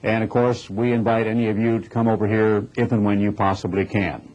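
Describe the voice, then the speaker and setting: A man's voice: lowish voice, little pitch movement, a little mellow. Emphatic male preacher, lo-fi recording. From United States. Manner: emphatic, slows down on key phrases. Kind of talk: recorded sermon message. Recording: dull lo-fi recording with faint music.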